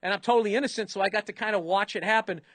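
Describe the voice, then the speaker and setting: A middle-aged man telling a comedic story in a casual podcast chat, animated and acting out other people's lines. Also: sits high, very fast, dry recording.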